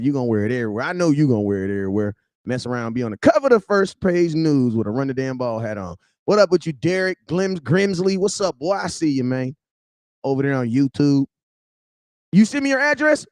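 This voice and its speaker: A young adult man hosting a casual livestream, loudly shouting out viewers by name in slangy talk. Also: mid-range voice, no echo, studio quality. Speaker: livestream host.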